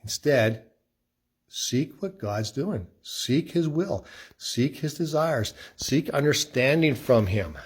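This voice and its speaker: Husky man giving casual Bible talk. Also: medium pitch, animated, slow pace. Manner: conversational, emphatic, acts out quoted voices. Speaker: pastor giving a short Bible devotional.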